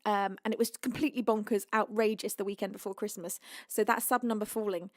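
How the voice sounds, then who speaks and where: A woman's voice: mid-range voice, fairly even intonation, fast, dry recording, studio quality. A woman from the UK hosting a live music stream, reading out and gushing over viewers' gifts with giggles. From United Kingdom. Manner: bubbly, giggly, gushing with thanks. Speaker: livestream music host. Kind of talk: thanking viewers on a livestream.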